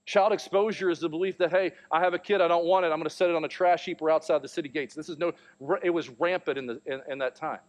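Here a pastor in his thirties, voice a little high, races through a family story in his sermon with hardly any pauses. He tells it with animation, acting out each quote.

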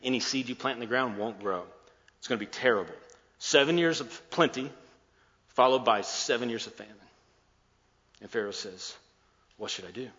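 A man's voice: mid-range voice, normal speed, pushed and bright. A man preaching a sermon, retelling a scripture story casually, acting out the dialogue and slipping in jokes. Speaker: pastor. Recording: muffled, echoey hall sound.

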